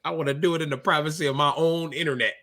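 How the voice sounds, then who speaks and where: The recording is very noisy, and this man speaks very fast with a voice on the high side. In his thirties, he co-hosts a laid-back basketball podcast, joking around animatedly and losing his train of thought partway through.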